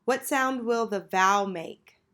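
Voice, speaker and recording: A woman teacher leading a children's phonics lesson, patiently prompting and pausing for answers. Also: on the high side, a bit bright. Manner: slow, patient, call-and-response prompting.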